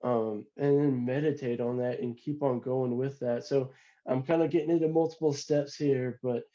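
A man's voice: mid-range voice, steady tone, normal speed, mellow, dull audio. A man in a devotional talk, encouraging listeners to open their Bibles and listen. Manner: encouraging, plain-spoken.

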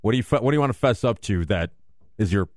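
Quick, animated male radio co-host. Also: fairly low pitch, no room sound, studio quality. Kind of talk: casual radio banter.

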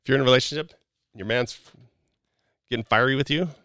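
A man's voice: mid-range voice, quick pace, sharp tone, no echo, studio quality. A man hosting a casual talk, coaching a guest with blunt advice, swearing freely and acting out little quotes.

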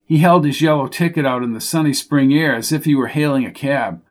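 A man reading a mystery story aloud as its narrator, with steady storytelling. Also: medium pitch, fairly quick, few pauses. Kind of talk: audiobook narration.

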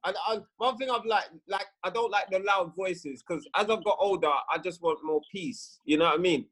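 A man's voice: sits high, normal speed, a bit bright. A man co-hosting a podcast, chatting and laughing a lot. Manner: laughs a lot, quotes people in voices. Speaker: podcast co-host. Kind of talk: casual banter.

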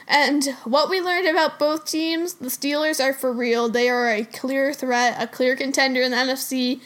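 A woman's voice: high-pitched, steady tone, moderate pace, a bit bright. A woman co-hosting a casual sports chat, chatty and playful, breaking down games. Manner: chatty, giggly, interrupts playfully. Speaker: podcast co-host.

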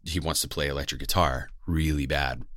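Voice actor, American man with a West Coast accent, extremely low voice, earnest and rambling to camera. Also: steady tone, a little fast, a bit bright, dry recording. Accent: General American, West Coast. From West Coast of the United States. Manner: earnest, rambling, many fillers and restarts. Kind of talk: casual talk to camera.

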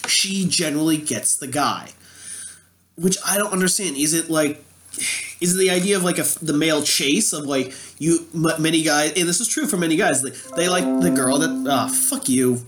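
A man's voice: on the high side, normal speed, fairly bright tone. A man in casual chat, blunt and opinionated, who swears freely.

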